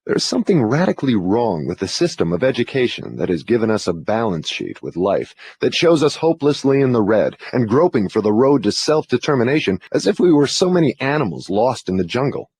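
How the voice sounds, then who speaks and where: A man's voice: medium pitch, big pitch swings, fairly quick, few pauses, a little mellow, breathy edge, dry recording. A man playing a formal, demanding interrogator who questions with insistence in an audiobook dramatization.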